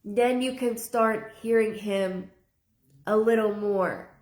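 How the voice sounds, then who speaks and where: A woman's voice: medium pitch, fairly even intonation, takes it slowly, a little mellow, reverberant. A woman psychic medium giving a live reading in an earnest manner, often repeating her phrases and relaying a spirit's words in first person.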